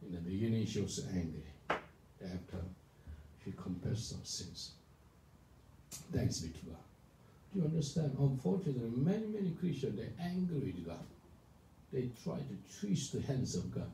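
A male pastor preaching a sermon, emphatic and animated, often asking the congregation whether they understand. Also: medium pitch, normal speed. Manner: animated, emphatic, calls for responses. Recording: echoey room from far off, faint noise.

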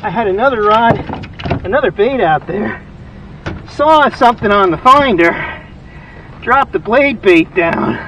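A man hosting a fishing vlog outdoors on a lake, excitable and exclaiming, and out of breath. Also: sits high, measured pace, pauses often, distant mic, noisy background. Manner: excitable, exclaiming, laughing often. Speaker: fishing channel host.

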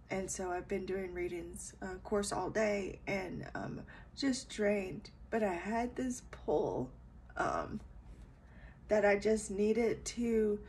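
A tired woman giving a casual late-night spiritual talk at home, speaking softly and hesitantly with many fillers, then guiding a meditation. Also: medium pitch, creaky, slight background noise, poor audio. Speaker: spiritual reader.

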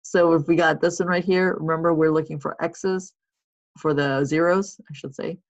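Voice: mid-range voice, fairly even intonation, normal speed. A math teacher casually talking through worked problems in a recorded lesson, thinking aloud while writing and checking in with listeners. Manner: encouraging and reassuring. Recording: slightly muffled lo-fi recording.

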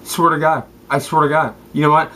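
A man's voice: on the high side, level tone, fairly quick, sharp tone, slight background noise, low-quality recording. Man on a profane rambling rant. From Southern California. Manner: street slang, addresses people directly, repeats "straight up" and "okay". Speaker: former football player.

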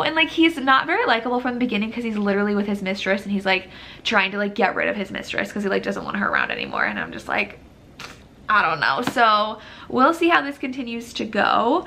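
Bright, gravelly young woman vlogger. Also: mid-range voice. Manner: rambling, frequent "like" fillers. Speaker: book vlogger. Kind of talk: casual reading vlog chat. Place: home at night by lamplight.

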